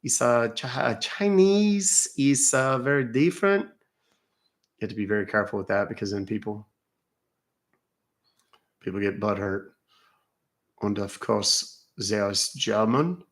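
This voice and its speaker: A man's voice: fairly low pitch, a little slow, long pauses, fairly bright tone. A middle-aged man from Texas, hosting a live stream in casual, joking, profane and rambling chat.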